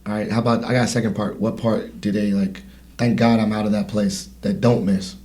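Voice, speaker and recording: A man's voice: fairly low pitch, level tone, a little fast, mellow. A man in his thirties hosting a casual podcast conversation, telling a story in a rambling way with many fillers and restarts. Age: 30s. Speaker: podcast host.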